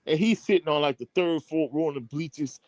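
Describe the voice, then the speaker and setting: A man with a fairly high voice tells a sports story as a coach on a casual show. He talks loosely, with slang and fillers. The sound is dry and close. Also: fairly quick, no echo. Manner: animated, slangy anecdote telling with many fillers.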